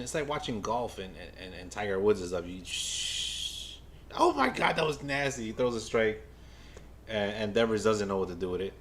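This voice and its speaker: A man livestreaming a baseball game as a fan, giving casual play-by-play to his chat, stammering and repeating himself, then bursting out when a play excites him. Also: fairly low pitch, a little hiss or hum. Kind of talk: casual live game watch-along commentary.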